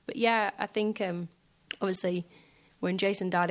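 A woman musician speaking softly and hesitantly in a reflective interview in front of a live audience, filling pauses with small filler phrases. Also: on the low side, steady tone. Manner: soft, hesitant, many fillers. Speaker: guest musician.

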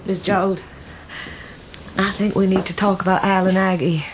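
A woman playing a worried, proper mother who speaks haltingly in rural dialect, with a gravelly voice. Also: medium pitch, level tone, background noise, close to an everyday voice.

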